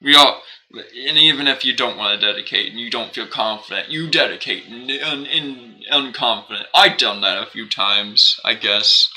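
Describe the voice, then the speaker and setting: A young male streamer musing out loud while he plays, circling back on his own thoughts and laughing them off. His tone is strikingly bright and edgy. He sits in a middle pitch range. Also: normal speed, poor audio. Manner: rambling, self-questioning, animated, laughs often. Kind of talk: casual live-stream chat while gaming.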